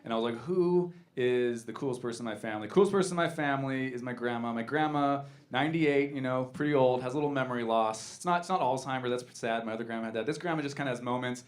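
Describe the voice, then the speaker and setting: A man in his thirties doing a stand-up comedy set on a club stage, talking in an animated way and jumping into loud voices for characters. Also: medium pitch, fast talker, hardly any pauses.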